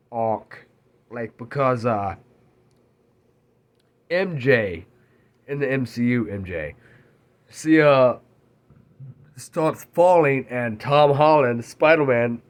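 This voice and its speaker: A man talking about a movie he loves in a casual, excitable rant, swearing freely and laughing as he talks. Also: medium pitch. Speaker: movie reviewer.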